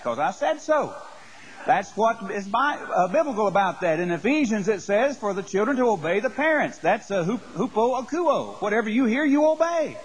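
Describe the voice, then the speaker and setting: Male pastor, high husky voice, sermon delivery with repetitive rising emphasis. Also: low-quality recording.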